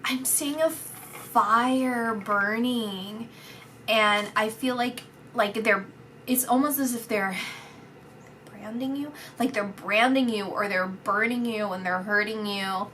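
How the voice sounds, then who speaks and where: A woman giving a psychic reading, talking in halting phrases that restart often with filler words. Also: mid-range voice, steady tone, a bit bright, a little hiss or hum. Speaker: psychic reader. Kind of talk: intuitive reading, spoken to the camera.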